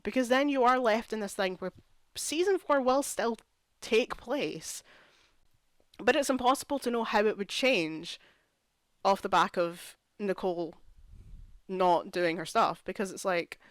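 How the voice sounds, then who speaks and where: A woman's voice: on the low side, dry recording. A young woman vlogger casually reviewing a TV series, ranting in exasperation and saying "like" a lot. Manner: exasperated, ranting, heavy use of "like". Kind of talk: casual chat.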